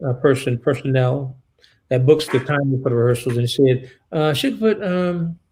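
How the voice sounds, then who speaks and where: A man, a guest in an interview, telling a painful personal story in a halting, shaken way with many restarts. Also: mid-range voice, fairly even intonation, darkish tone, slight background noise, low-quality recording. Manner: shaken and subdued.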